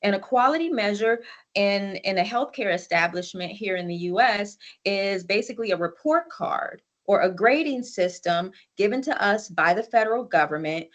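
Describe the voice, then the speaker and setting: A woman's voice: mid-range voice, expressive, moderate pace. Chatty woman presenting. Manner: chatty, many fillers and restarts. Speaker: conference presenter. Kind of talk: storytelling presentation.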